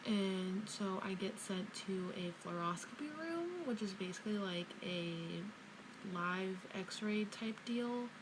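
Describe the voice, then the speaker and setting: A woman's voice: mid-range voice, expressive, slow pace. A young woman telling a story in parts to her phone camera, emphatic and swearing freely. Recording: noisy phone recording.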